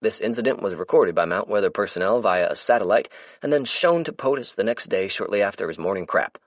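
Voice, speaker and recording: Man playing a brash joking survivor, loud and cocky, dry close sound, audiobook. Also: lowish voice, lively intonation, a little fast, no room sound, pitched above the performer's own voice. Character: chatty brash male survivor, joking and bold.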